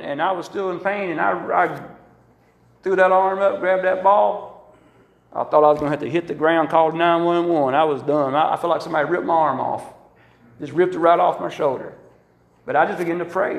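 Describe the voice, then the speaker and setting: His voice is high and creaky, and he speaks a little fast: a middle-aged man preaching a sermon as pastor in an echoey room. He tells folksy stories with animation and acts out the quotes.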